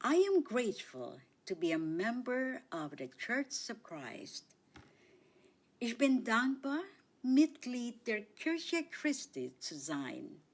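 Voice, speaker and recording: A woman leads a radio language lesson in a bright, sing-song teaching voice. She speaks very slowly and draws out each word for listeners to repeat. Her pitch swoops up and down in a lively way. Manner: cheerful, sing-song teaching delivery with drawn-out repetitions. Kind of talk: slow, clearly enunciated language lesson.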